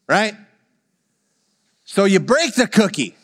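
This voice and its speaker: Man preaching in a big echoey hall, high voice that jumps all over, gets the crowd to repeat lines back. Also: moderate pace. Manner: animated preaching with call-and-response, jokes with the congregation. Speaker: pastor. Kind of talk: sermon.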